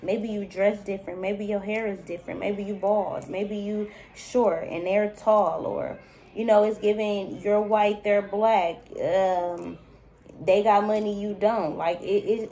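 A woman with a gravelly, fry-edged voice gives a loose, chatty spiritual reading to the camera. Her tone sits dark and mellow, and she speaks directly to the listener, calling them baby and circling her points with easy filler. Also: medium pitch, fairly even intonation, a little slow. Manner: chatty, loose, full of "it's giving, like"; talks straight to the viewer, calls them baby. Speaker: spiritual reader. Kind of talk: casual intuitive reading to viewers.

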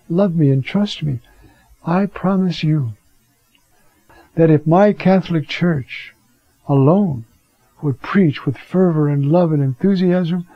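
A priest giving a conversational teaching sermon, with rhetorical questions and frequent fillers. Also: male voice, fairly high pitch, breathy edge, no room sound. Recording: dull lo-fi recording.

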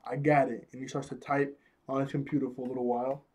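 A man's voice: mid-range voice, little pitch movement, fast talker, a little mellow. A man casually recapping a cartoon episode in slangy talk, often laughing and correcting himself.

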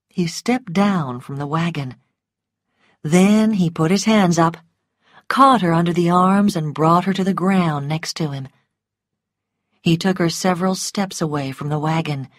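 A woman narrating a story for English learners in a slow, careful, clearly paced reading. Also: low-pitched, no room sound, studio quality.

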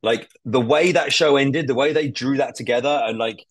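A man's voice: mid-range voice, moderate pace, breathy edge, dry recording. A young man chatting on a podcast as a guest, rambling with lots of fillers and casual swearing.

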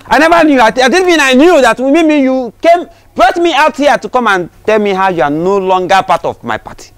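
A man's voice: very high voice, expressive, a little fast, fairly bright tone. A man acting a pompous party leader who talks in a dismissive, laughing way in a comedy skit. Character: self-important male party leader, mockingly calling himself elderly.

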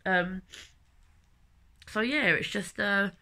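A London woman in her late twenties rambles through a heartfelt personal vlog while nursing a cold. Her medium-pitched voice is slow, pushed and bright.

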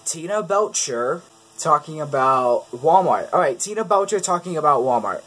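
A man's voice: on the high side, animated, normal speed, a bit bright, breathy edge, rough recording. A man hosting his own casual impressions video, introducing each bit and poking fun at his own attempts. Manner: self-deprecating, chuckling between takes. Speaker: YouTube host.

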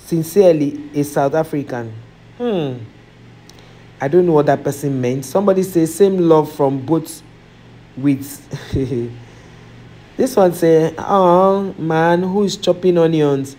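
Woman, vlogger, reading comments, emotional exclamations, mellow dark tone. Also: low voice, a little slow. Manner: emotional, reacting with sighs and exclamations. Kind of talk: reading comments aloud, casual chat.

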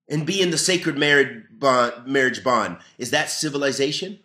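A man's voice: fairly high pitch, animated, moderate pace, few pauses, sharp tone, echoey room. A man teaching a religious lesson, reading a text and explaining it in an earnest, emphatic way. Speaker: Islamic lecturer.

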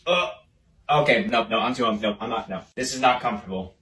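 A man's voice: on the low side, brisk, pushed and bright, voice pushed down. A young man voicing a nervous male toy truck who talks in jittery, surprised bursts. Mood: uneasy.

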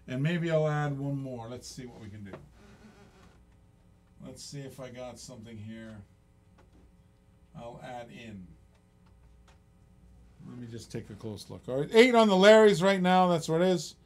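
A man's voice: medium pitch, unhurried, pauses often, slight background noise. A middle-aged man hosting a live-stream auction in casual, rambling chatter, often chuckling and reading out bids.

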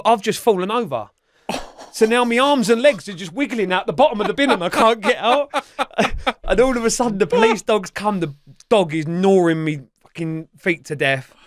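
An Englishman appears as a podcast interview guest, telling wild stories, swearing freely and acting out other people's voices. His voice sits high, and the recording is studio quality with no room sound.

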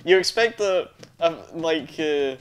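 A man's voice: fairly high pitch, expressive, slow pace. A young man hosting a let's play, chatting casually with lots of fillers and restarts. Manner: rambling, many fillers and restarts. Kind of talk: casual gameplay commentary. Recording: faint game music behind.

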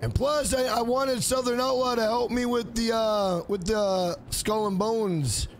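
A man's voice: extremely high pitch, steady tone, a little slow, slight background noise. A man live-streaming a video game, chatting casually with his viewers, thanking them by name and calling them "bro" again and again. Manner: talks straight to chat, repeats "bro" often.

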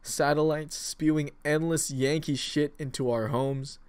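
A man's voice: fairly even intonation, measured pace, clean tone, lightly acted. Silky, seductive, speechifying villain, voiced by a man. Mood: rabble-rousing. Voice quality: deep, silky and almost seductive. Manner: pompous, speechifying, grows louder. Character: silky, menacing male villain with grand plans.

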